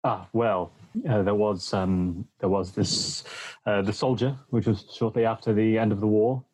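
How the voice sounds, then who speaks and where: A man doing a flustered English playwright who fumbles for words, his voice low and husky. He is polite and apologetic, and keeps stammering through small talk in a tabletop horror game. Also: fairly even intonation, normal speed, darkish tone, rough recording. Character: flustered English male playwright, secret drinker.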